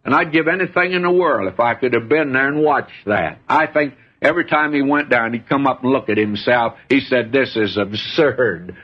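An older male preacher gives a folksy, conversational Bible sermon. His voice is husky and a little breathy, and the recording is dull and lo-fi, like an old sermon tape. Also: medium pitch, fairly quick, hardly any pauses.

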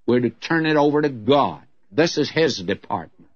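A man's voice: mid-range voice, animated, moderate pace, no echo, lo-fi sound. A man preaching an expository sermon as a radio Bible teacher, earnest and folksy, with candid humorous asides.

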